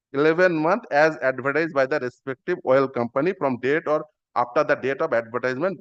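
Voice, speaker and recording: A man argues his case in a courtroom. He is formal and deferential, and he keeps addressing the bench as "my lord." His voice is smooth and a little high, and the live-stream audio sounds dull and muffled. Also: a bit bright. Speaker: petitioner arguing in court. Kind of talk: courtroom argument.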